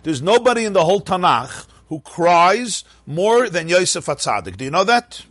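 A man giving a Torah class as a rabbi, lively and questioning, with mock-cheerful asides. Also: sits high, moderate pace, dry recording.

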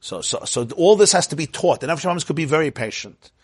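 A man with a somewhat husky, slightly high voice leads an informal religious class. He talks in a chatty, digressive way, laughs often and keeps checking in with his listeners. The sound is dry and close. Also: expressive, fast, no room sound. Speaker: rabbi teaching a class. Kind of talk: informal Torah class lecture.

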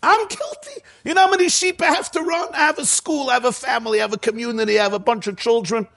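A man voicing a frazzled, overwhelmed male shepherd-leader who pleads guilty in a high, breathless, defensive voice. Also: quick pace, creaky, a bit bright, heavily acted. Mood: flustered.

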